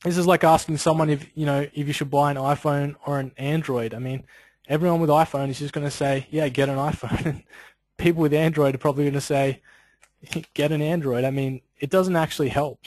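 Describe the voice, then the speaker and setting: A man's voice: fairly high pitch, fairly even intonation, a little fast, a little mellow, no room sound, rough recording. A man presenting an instructional webinar in a loose, conversational way, full of casual asides. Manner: conversational, loose, peppered with "you know" and "like".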